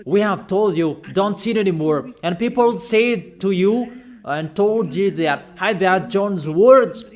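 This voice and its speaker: A man with a rather high-pitched voice delivers a stern sermon. He admonishes his listeners emphatically, pausing between phrases and pressing them with rhetorical questions. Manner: admonishing, emphatic, slow deliberate phrasing with pauses. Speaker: preacher.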